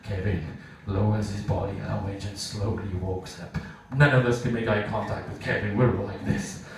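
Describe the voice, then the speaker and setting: A male stand-up comedian telling an animated story on stage, acting out voices for dogs and people. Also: on the low side, moderate pace, crowd noise. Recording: roomy live venue, mic from a distance, audience. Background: audience laughter.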